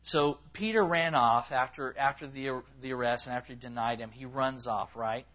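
Man preaching a casual sermon, lo-fi. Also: normal speed. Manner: conversational, rising in pitch when acting out quotes. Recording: slightly dull, lo-fi recording.

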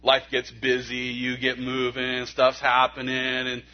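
A man preaching a sermon in a conversational way, with folksy asides, stammered restarts, and a hushed soft delivery when he makes a point. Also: medium pitch, completely flat delivery, measured pace. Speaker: pastor. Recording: dull lo-fi recording.

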